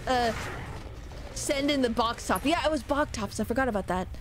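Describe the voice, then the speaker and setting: Background noise accompanies this American woman streamer as she talks at a moderate pace in an animated, high-leaning voice. She jokes and swears freely, chatting with her audience during a horror game.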